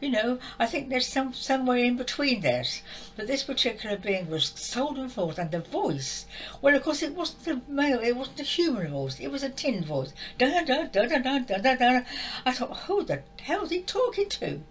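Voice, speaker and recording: A woman's voice: sits high, very animated, moderate pace, a little hiss or hum, rough recording. An older woman speaking in an upset, exasperated and tearful way, repeating herself as she vents about spiritual channelling. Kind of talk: emotional monologue to camera.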